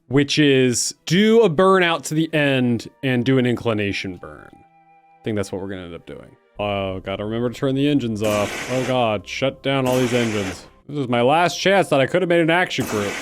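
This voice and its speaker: A young man giving excitable let's-play commentary as he plays, talking to himself and his viewers, often stammering and restarting his sentences. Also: medium pitch, moderate pace, clear, resonant tone, faint music behind. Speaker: gaming YouTuber.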